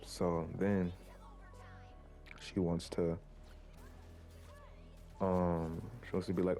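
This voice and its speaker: Teen guy vlogging, deep gravelly voice, mellow tone, faint music behind. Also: little pitch movement, slow, long pauses. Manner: rambling, lots of likes and restarts. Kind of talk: casual storytelling to camera.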